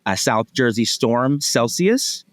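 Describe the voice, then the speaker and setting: A man's voice: medium pitch, lively intonation, slow, no room sound. A man in his forties, a podcast guest chatting casually in an upbeat, talkative way with frequent restarts. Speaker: podcast guest, event executive. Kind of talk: casual interview chat.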